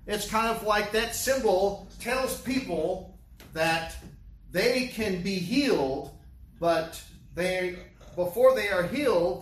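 A man's voice: high-pitched, fairly bright tone. A man preaching a sermon, asking rhetorical questions and repeating key lines. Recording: echoey room, distant mic, faint hiss.

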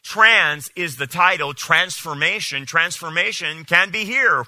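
Man, pastor, sermon, animated, incredulous, dry close sound. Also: high voice, unhurried, hardly any pauses, dry recording. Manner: animated, incredulous, mocking quoted speech.

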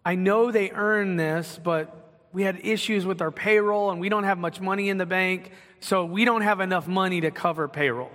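A man playing a smooth, overly apologetic male boss making excuses for unpaid wages, in a pleading manner. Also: high-pitched, moderate pace, fairly bright tone. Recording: long hall reverb.

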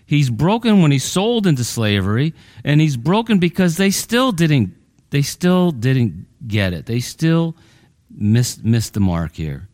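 A male pastor preaching a conversational sermon in a folksy way, full of "you know" and repeated words, his voice climbing higher when he presses a point. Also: very animated, a little slow, darkish tone, no room sound, studio quality.

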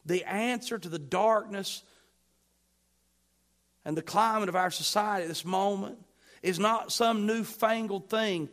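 Emphatic high-voiced preacher man. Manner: emphatic preacher, swings between loud bursts and quiet asides; asks the congregation questions. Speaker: pastor. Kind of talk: sermon.

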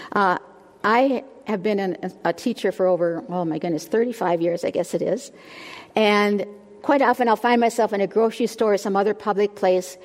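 An older woman teaching a sermon to a women's group, warm and self-deprecating, with soft laughs between her points. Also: medium pitch. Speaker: women's ministry speaker. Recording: long hall reverb.

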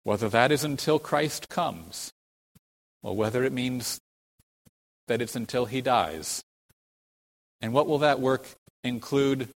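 A male preacher delivers an expository sermon at an unhurried, deliberate pace, punching single words for emphasis. He often turns to the congregation with rhetorical questions. His voice carries the long reverb of a large church hall. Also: medium pitch. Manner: emphatic, rhetorical questions, slow deliberate phrasing with sudden stresses.

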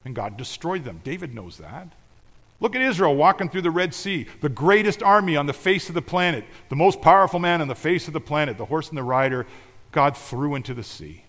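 Man, pastor, emphatic sermon, slightly high voice, long hall reverb. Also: animated, brisk. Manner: emphatic preaching, swings between loud declarations and quiet asides.

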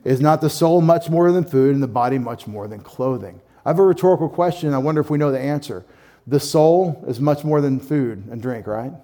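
A man's voice: medium pitch, brisk, dark tone. A middle-aged man preaching an emphatic Bible-teaching sermon, asking his listeners questions and acting out short imagined replies. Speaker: pastor teaching scripture.

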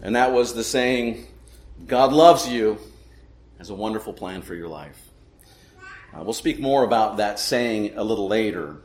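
A man preaching a sermon as pastor, praying and reading scripture in a solemn, measured way, slowing for emphasis. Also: on the low side, expressive, reverberant, poor audio.

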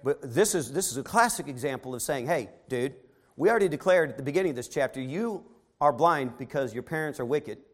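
In this sermon, a man's scripture reading gives way to a laid-back modern retelling, shifting from gentle asides to booming emphasis. His mid-range voice carries lively intonation, and he speaks a little fast.

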